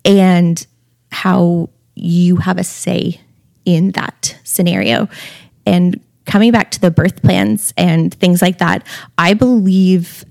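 A woman with a gravelly, fry-touched voice chats casually on a podcast. She tells stories with animation and laughs often as she talks. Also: lowish voice, steady tone, slow, a little mellow.

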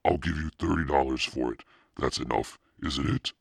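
A man reading an eager, pleading preteen girl in an audiobook, begging and gushing in a raised, excited voice. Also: a bass voice, normal speed, creaky, husky, no room sound, clean studio sound, full character voice.

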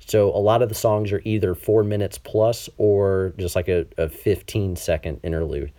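A man's voice: lowish voice, fairly even intonation, normal speed, dark tone. A man hosting a casual podcast over an online call, talking with a slightly nasal tone and lots of ums and restarts. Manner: chatty, many ums and restarts. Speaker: podcast host. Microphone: over Skype.

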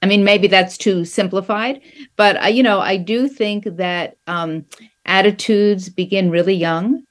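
A woman in her sixties, an author being interviewed, speaking in a thoughtful, earnest, measured way. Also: mid-range voice. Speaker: author guest. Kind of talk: interview conversation.

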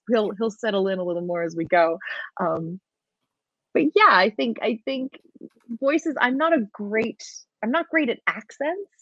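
A woman game master chatting as a podcast guest, animated and laughing often. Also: a little high, unhurried, long pauses, no echo, lo-fi sound. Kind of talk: casual interview talk.

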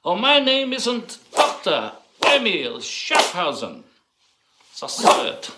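An actor playing a grandiose, eccentric fake doctor in a film clip. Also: male voice, high voice, wildly swooping pitch, slow pace, very noisy, full character voice. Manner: grandiose, theatrical. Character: pompous male doctor, an eccentric fake specialist. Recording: roomy film audio clip.

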